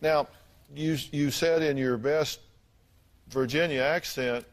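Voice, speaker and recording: A man's voice: a little high, steady tone, takes it slowly. A man hosting a studio talk show and pressing a guest with pointed questions.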